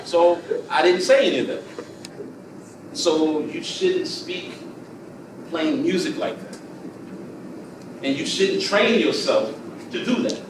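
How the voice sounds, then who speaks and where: A man leading a music master class, talking in a lively, playful way and often checking that the room understands. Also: a little high. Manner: animated, playful, asks the room if they understand. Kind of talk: lively teaching talk to students. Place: lecture hall. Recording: distant mic in a very echoey hall with background noise.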